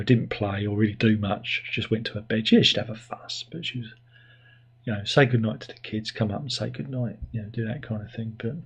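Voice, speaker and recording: Husky English man chatting on a livestream. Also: fairly low pitch, darkish tone. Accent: British (England). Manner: rambling, self-mocking, puts on silly voices for his dog. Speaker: livestream host. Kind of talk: casual chat.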